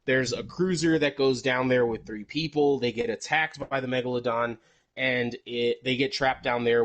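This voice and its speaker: A man's voice: mid-range voice, low-quality recording. A man co-hosting a podcast, recapping a movie in rambling casual chat and swearing freely. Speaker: podcast co-host.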